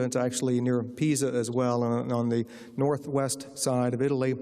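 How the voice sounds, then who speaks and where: A man's voice: medium pitch, a little mellow. Wry American man telling stories in a hall. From United States. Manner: wry, self-deprecating storyteller. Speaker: guest author, lecturer. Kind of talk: humorous anecdotal lecture. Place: lecture hall. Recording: reverberant lecture hall.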